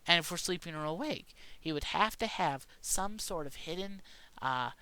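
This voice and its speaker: Bright, crisp-voiced man ranting. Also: a little high, lively intonation, normal speed, no room sound. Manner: rambling mock-conspiracy rant, many restarts. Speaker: vlogger. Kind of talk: casual joking monologue.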